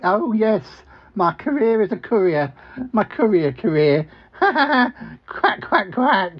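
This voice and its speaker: A man's voice: sits high, big pitch swings, takes it slowly, slightly rough, dull audio, voice pushed up, full character voice. A man voicing a bumbling, cheerful male talking duck who quacks between sentences and stammers. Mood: chirpy. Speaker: regular comedy character.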